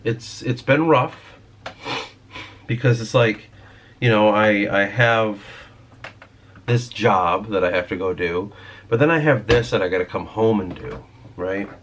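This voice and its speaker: A man's voice: fairly low pitch, unhurried, long pauses, fairly bright tone, a little hiss or hum. Frustrated, swearing man venting on a vlog. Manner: frustrated, rambling, swears freely. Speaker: vlogger and writer. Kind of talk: casual ranting vlog.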